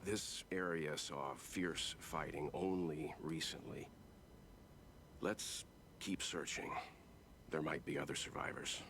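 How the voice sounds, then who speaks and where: An actor playing a calm, authoritative older male leader in a video game, speaking in a steady, measured way. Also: a bass voice, a little hiss or hum, exaggerated voice.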